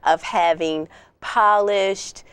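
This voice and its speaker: A woman's voice: mid-range voice, steady tone, very slow, fairly bright tone, smooth, no room sound. A woman guest on a TV talk show, explaining her women's group with confident, earnest speech. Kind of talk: TV studio interview.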